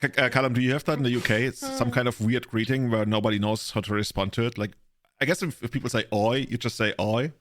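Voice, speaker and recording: A man's voice: mid-range voice, quick pace, a bit bright. A man in his thirties from Germany, hosting a casual podcast chat, rambling and laughing often. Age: 30s. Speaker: podcast host.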